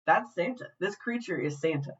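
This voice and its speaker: A woman co-hosting a podcast, retelling a show in animated, profane casual chat. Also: lowish voice, moderate pace. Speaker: podcast co-host. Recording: dull lo-fi glitchy recording.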